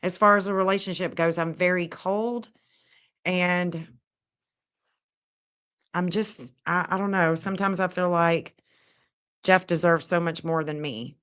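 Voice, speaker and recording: A woman's voice: on the low side, steady tone, a little slow, pauses often, a bit bright, clear, resonant tone. A woman receiving a reading, talking candidly and confessionally about herself in casual chat.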